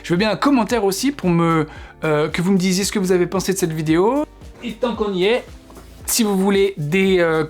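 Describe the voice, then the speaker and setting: A man with a French accent, a native French speaker, teaching English phrases in a casual video lesson, speaking slowly and articulating carefully with frequent ums. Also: sits high.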